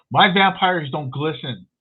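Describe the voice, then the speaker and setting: A man's voice: a little high, slightly rough. A man hosting a podcast interview, reacting briefly and laughing easily. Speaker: podcast host. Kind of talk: casual interview chat. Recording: phone-like remote call audio.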